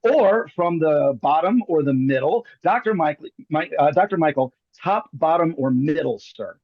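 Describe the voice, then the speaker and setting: Playful, fairly high-voiced man doing magic patter. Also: animated, a little slow, dry recording, lo-fi sound. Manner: playful, jokey, theatrical patter. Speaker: magician host. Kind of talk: live card trick over video call. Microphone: video call.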